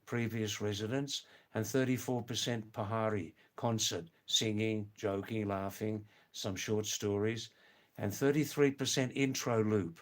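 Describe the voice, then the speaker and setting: An older man from England, hosting a live stream, chatting casually with viewers in a slow, rambling way full of hesitant fillers. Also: lowish voice, steady tone. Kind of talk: casual live chat reading viewer comments.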